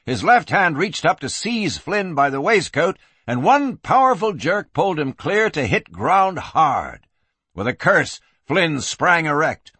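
Guy reading a western audiobook, lively bright voice, dry close sound. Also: mid-range voice, breathy edge, dry recording. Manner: expressive storytelling. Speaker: audiobook narrator. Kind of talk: audiobook narration.

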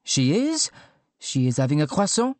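A man's voice: on the high side, lively intonation, a little mellow, no echo, pitched above the performer's own voice, close to an everyday voice. A man voicing a middle-aged mother in an audiobook, lilting and dismissive as she nags her son. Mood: scolding. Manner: brisk, dismissive, motherly nagging. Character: fussy French mother, middle-aged, scolding. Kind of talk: audiobook character voice.

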